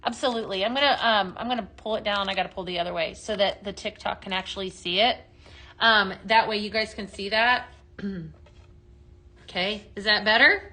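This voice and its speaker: Excited live-stream seller, woman, bright and punchy, chats directly to viewers. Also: mid-range voice, rough recording. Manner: excited, gushing, talks straight to viewers. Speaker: live-stream sales host. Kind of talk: chatty live product demo. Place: indoors, dimmed room.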